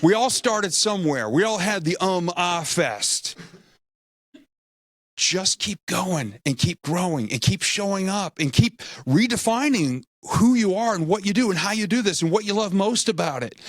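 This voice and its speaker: A middle-aged man giving a humorous, energetic motivational talk, acting out quotes as he tells stories. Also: high-pitched, normal speed, no echo. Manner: energetic, animated storytelling with acted-out quotes; humorous, self-deprecating. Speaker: motivational speaker.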